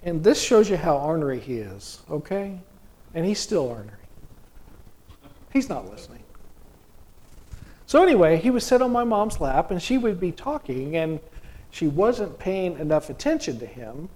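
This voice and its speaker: A man's voice: on the high side, big pitch swings, normal speed, darkish tone. A middle-aged man preaching a sermon in a folksy, conversational way, full of restarts and rhetorical questions.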